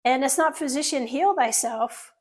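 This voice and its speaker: A woman's voice: sits high, normal speed. A middle-aged woman, a surgeon, telling an earnest personal story to an audience, with asides to listeners.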